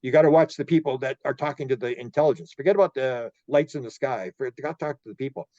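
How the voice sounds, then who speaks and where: Canadian guy telling stories on a podcast, stumbles and repeats himself, mellow voice, bit muffled. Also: medium pitch, fast talker, no echo. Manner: rambling, repeats words, acts out quoted dialogue. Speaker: podcast guest, UFO researcher. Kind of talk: storytelling interview.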